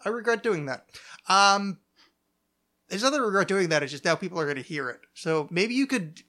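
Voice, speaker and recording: A man's voice: sits high, lively intonation, brisk, bright, forceful tone. A man hosting a podcast in casual chat, rambling and self-mocking with jokes. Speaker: podcast host.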